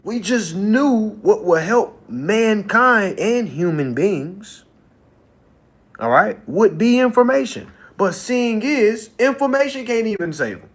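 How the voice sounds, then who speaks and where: A man speaks in a high, lively voice that swings widely in pitch. He talks casually and animatedly, laughing often and repeating his lines for emphasis. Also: slow. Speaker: livestream host. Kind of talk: casual livestream monologue.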